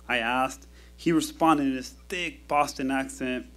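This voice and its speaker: A man telling a personal story at a live storytelling show, in a wry, measured delivery with dramatic pauses, into a stage microphone. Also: mid-range voice, fairly even intonation, fairly bright tone.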